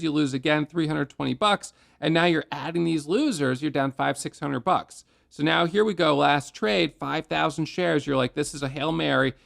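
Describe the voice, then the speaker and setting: A day-trading teacher with a slightly high voice and vocal fry recaps his trades conversationally at his desk. He uses analogies and acts out his own self-talk.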